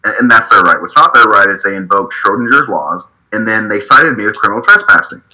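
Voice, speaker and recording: A man's voice: fairly low pitch, lively intonation, fairly quick, sharp tone, rough recording. A man from Utah telling a heated, profane story in a casual political discussion, stumbling and restarting as he talks. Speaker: activist guest, state party delegate. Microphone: video call.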